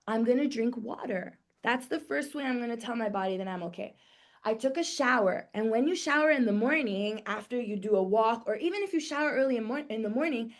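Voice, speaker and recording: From her home office over a video call, a middle-aged woman leads a live somatic wellness webinar, speaking conversationally and acting out everyday examples with quick voiced reactions. Her voice is a little high with a darkish tone.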